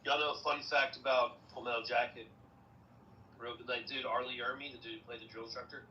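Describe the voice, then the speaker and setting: A man's voice: medium pitch, fairly even intonation, brisk, bright, forceful tone, lo-fi sound, a little hiss or hum. A man chatting eagerly and sharing trivia in a casual podcast conversation.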